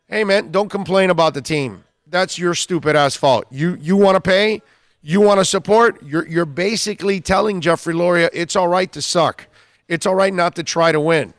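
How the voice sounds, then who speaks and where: High-voiced man ranting on sports radio. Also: a bit bright, no echo, clean studio sound. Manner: blunt, scolding, ranting with repeated rhetorical questions. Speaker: radio show host. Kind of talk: sports talk radio rant.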